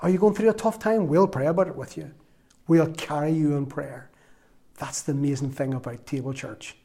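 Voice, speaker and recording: Earnest preacher with a mellow voice. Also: male voice, on the high side, a little fast, creaky. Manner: earnest, emotional, exhorting. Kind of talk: sermon.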